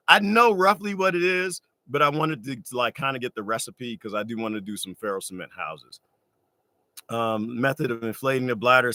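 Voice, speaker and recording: A man's voice: fairly low pitch, pushed and bright, no echo. A man hosting a casual livestream from his off-grid home, rambling through viewer comments with joking asides. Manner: loose, digressive, says y'all, joking asides. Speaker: livestream host answering chat. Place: off-grid desert home, indoors.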